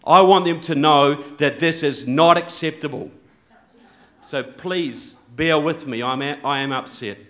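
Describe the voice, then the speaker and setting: A man addressing a conference audience in a fairly high voice. He complains in a mock-wounded, sarcastic deadpan, building his grievance for comic effect. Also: unhurried. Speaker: conference speaker. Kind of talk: public speech at a conference.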